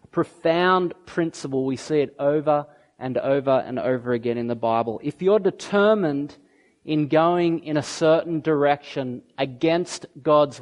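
A male preacher retelling and reading a scripture story in a sermon, animated and acting out the quoted voices. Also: on the high side.

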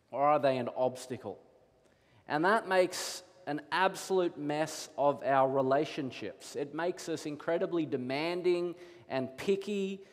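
A man preaching a sermon as pastor, telling stories with animated delivery and acting out his children's voices. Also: on the high side. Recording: long hall reverb.

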